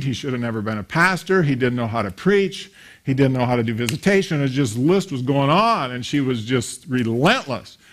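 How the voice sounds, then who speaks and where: A man in his fifties preaches to a congregation, his voice sitting a little high for a man. He moves from plain talk into story, putting on the voices of the people in his anecdotes. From grew up attending a small country church. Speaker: pastor. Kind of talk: sermon.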